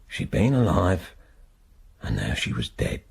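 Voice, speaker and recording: An actor playing a British older man freed after many years in prison, telling his story in a halting, bitter way with a husky voice in a radio drama. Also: low-pitched, huge pitch swings, heavily acted. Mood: haunted. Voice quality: gravelly, husky.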